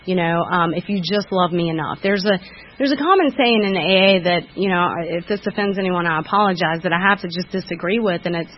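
A woman's voice: on the low side, brisk. Woman sharing a frank recovery story. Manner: frank and self-critical, many fillers and restarts. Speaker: speaker sharing at a recovery meeting. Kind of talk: candid personal recovery testimony. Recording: dull lo-fi recording.

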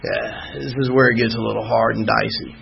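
In a fairly low, creaky voice with little pitch movement, a man speaks fairly quickly while sharing his recovery story at a meeting, rambling and candid with wry humor. The muffled lo-fi recording carries slight background noise.

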